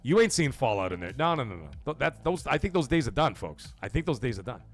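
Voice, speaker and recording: A man hosting a casual gaming news live stream, talking straight to his viewers, animated and loose with swearing. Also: mid-range voice, quick pace, soft background music. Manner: animated, swearing, talks to chat and folks.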